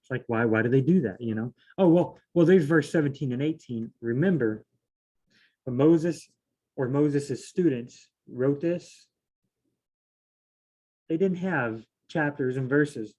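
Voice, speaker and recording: Guy with a soft mellow voice reading bible verses out loud, stops and restarts a lot, chatty and unsure. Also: medium pitch, measured pace, long pauses. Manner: fumbling, self-correcting, reads verses aloud then paraphrases loosely. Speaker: solo Bible study host. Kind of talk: casual thinking-aloud scripture study.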